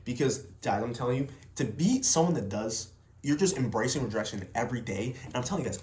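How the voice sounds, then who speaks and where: A young man talks straight to camera in a blunt, unscripted rant, swearing freely and leaning hard on his words. His voice sits at an ordinary middle pitch. The sound bounces around an echoey room. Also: animated, fast, darkish tone, slight background noise. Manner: blunt, heavy swearing, emphatic. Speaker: vlogger, salesman.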